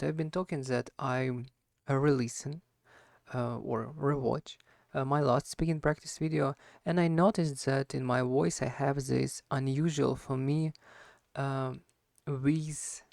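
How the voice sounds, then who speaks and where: A man's voice: mid-range voice, steady tone, a little slow, gravelly, a little mellow, dry recording, studio quality. A man who is not a native English speaker, talking through a solo speaking practice with a slight harsh wheeze and lots of fillers and self-corrections. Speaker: language learner.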